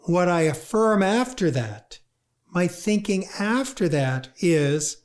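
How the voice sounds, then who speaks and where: A grief lecturer giving a talk, speaking conversationally and acting out inner voices in quick asides. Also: medium pitch, very animated. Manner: conversational, with fillers. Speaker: grief lecturer and workshop leader. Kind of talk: talk on grief and positive thinking.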